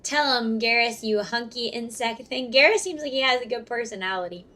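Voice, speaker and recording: A woman's voice: fairly high pitch, a little fast, bright, forceful tone. A young woman streamer giving casual, chatty, giggly commentary while playing a video game at home on a desk mic. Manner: chatty, giggly, self-mocking. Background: game music.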